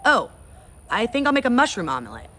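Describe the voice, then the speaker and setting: A woman voicing a cheerful, overconfident father in a read-aloud storybook, loud and hearty. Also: a little high, wildly swooping pitch, a little fast, slight background noise, pitched above the performer's own voice. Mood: jovial. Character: cheerful overconfident dad cooking.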